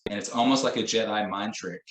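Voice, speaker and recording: A man's voice: fairly low pitch, a little fast, a bit bright, roomy sound, rough recording. A man training teachers in a conversational way, illustrating points with examples and quoted phrases. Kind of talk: professional development lesson.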